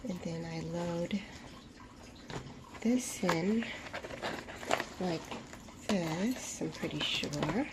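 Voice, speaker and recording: Slow-talking woman gushing over a package. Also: fairly low pitch, heavy background noise. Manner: gushing, breathy exclamations, slow and drawn out. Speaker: vlogger. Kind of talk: casual unboxing vlog. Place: her room at home.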